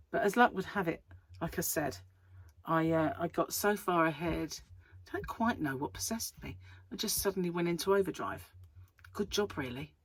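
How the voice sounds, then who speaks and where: A woman's voice: sits low, breathy edge, no room sound. A middle-aged woman, chatting casually and rambling to camera as a crochet vlogger, laughing often.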